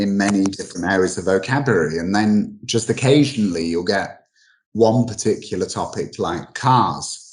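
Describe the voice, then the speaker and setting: Deep-voiced man explaining in halting speech. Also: poor audio. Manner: halting, full of restarts and fillers. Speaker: guest expert on English dialects. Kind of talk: casual explanatory chat.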